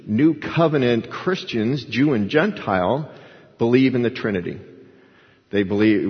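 A male pastor delivers an expository sermon in a plain, conversational voice, stopping and restarting as he leans on key words. His voice rings with the long reverb of a large hall. The recording sounds dull and lo-fi. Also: lowish voice. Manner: conversational, folksy preaching with restarts and emphasis.

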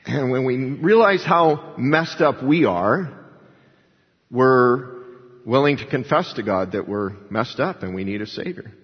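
A man with a husky, slightly breathy voice preaching to a congregation, his words rising into emphatic swells as he acts out the people he quotes. The recording is dull and lo-fi, and a long reverb trails off each phrase as it rings through the church sanctuary. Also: mid-range voice, lively intonation, measured pace. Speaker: pastor. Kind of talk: sermon.

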